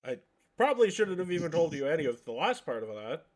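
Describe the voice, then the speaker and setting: A man playing a scared young girl, high squeaky voice, tabletop game. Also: big pitch swings, quick pace, a little mellow. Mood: frightened. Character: frightened young teenage noble girl.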